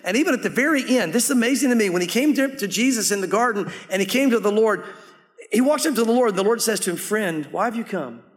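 A man's voice: high-pitched, fast, long reverb tail. A man preaching a sermon as pastor, in a conversational way that slips into acting out quoted voices.

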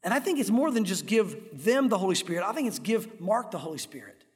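A middle-aged male pastor preaching an earnest, animated sermon in a church, acting out crowd voices along the way. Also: high-pitched, a little fast. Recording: echoey hall with long reverb.

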